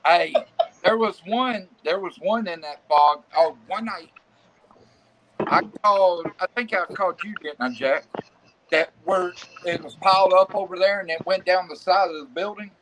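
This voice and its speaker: A man telling stories in casual chat, animated, with frequent laughs and swearing. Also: sits high, moderate pace, slight background noise, low-quality recording.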